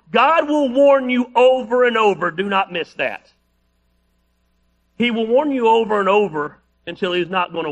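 A man's voice: sits high, a bit bright. A male pastor preaching a sermon, reading scripture aloud with playful, joking asides.

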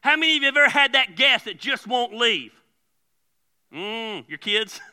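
A man preaching a sermon as pastor, animated, often repeating words as he starts a phrase. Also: very high voice, moderate pace, clear, resonant tone. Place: church.

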